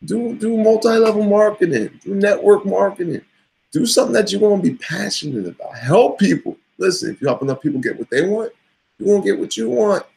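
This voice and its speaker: A man's voice: sits high, expressive, a little fast, creaky, a little mellow, low-quality recording. A middle-aged man vlogging casually, giving a blunt, profane pep talk. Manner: blunt, swears freely, motivational pep talk. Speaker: vlogger and coach. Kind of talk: casual talking-head vlog.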